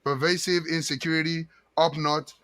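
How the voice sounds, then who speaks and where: A man's voice: on the high side, steady tone, normal speed, bright, forceful tone. A man hosting a live-stream chat show, reading out viewer comments and greeting them in a chatty, repetitive way. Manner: chatty, reads out viewer comments, repeats himself. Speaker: talk show host.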